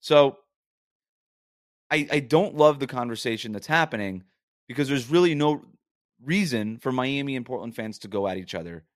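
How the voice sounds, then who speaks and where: A man's voice: mid-range voice, animated, normal speed, pauses often, no echo, studio quality. A man hosting a sports podcast, arguing his points emphatically in a casual monologue with frequent rhetorical questions.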